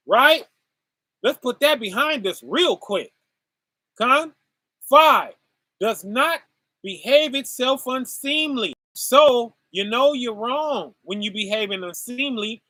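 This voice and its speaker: Man, preacher, informal sermon, very high voice, unhurried delivery. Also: lively intonation, pushed and bright, dry recording, clean studio sound. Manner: call-and-response asides, laughs while preaching.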